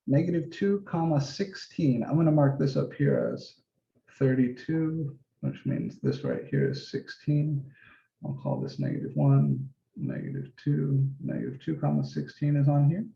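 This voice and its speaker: During a relaxed office-hour lesson, a math instructor thinks aloud while drawing, walking through each step casually with occasional mild swearing. His voice is a little high, gravelly, mellow and darker, at a measured pace. The recording sounds roomy and slightly dull.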